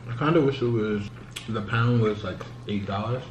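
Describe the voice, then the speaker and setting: A man's voice: fairly low pitch, normal speed, muffled recording. Playful man heard from across a room. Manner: playful, teasing. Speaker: partner. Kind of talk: casual chat. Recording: distant, roomy, noisy.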